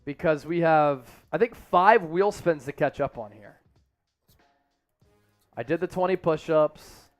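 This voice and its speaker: A man's voice: a little high, unhurried, long pauses, soft background music. A young man hosting a live sports stream, casually chatting and reading viewer comments aloud with energy. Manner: energetic, reads chat aloud. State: exerting, counting push-ups.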